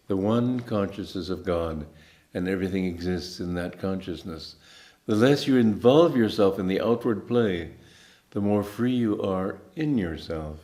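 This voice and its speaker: A man in his eighties giving a spiritual talk as a teacher, telling stories in a calm, unhurried way with pauses. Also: lowish voice. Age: 80s.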